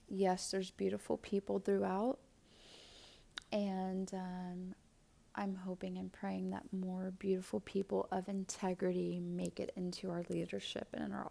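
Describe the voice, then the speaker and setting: A woman giving a spiritual tarot reading and prayer in a soft, often half-whispered voice, her mouth a little swollen after dental work. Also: medium pitch, creaky. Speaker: tarot reader and astrologer.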